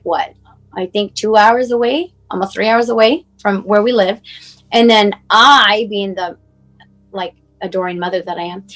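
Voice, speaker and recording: A woman's voice: on the high side, low-quality recording. A woman in her forties, a mother telling her son's story as a guest, talking in a rambling way full of "like" and "you know", on a clip-on mic. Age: 40s. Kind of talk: emotional personal account.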